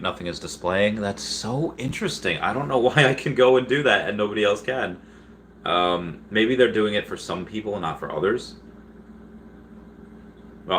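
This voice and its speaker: A man hosting a casual livestream, reading viewer chat aloud in a rambling, excitable way with frequent laughs and restarts. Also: sits low, slight background noise.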